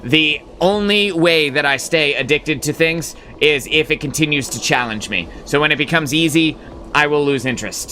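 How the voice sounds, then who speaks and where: A man's voice: mid-range voice, bright, forceful tone, a little hiss or hum. A man hosting a live gaming stream, talking casually in a rambling, filler-heavy way, blunt and sometimes profane as he answers chat.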